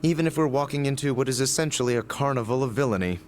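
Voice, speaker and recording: A man voicing a composed young nobleman in a video game, speaking in a measured, dry way. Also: mid-range voice, a little hiss or hum, close to an everyday voice.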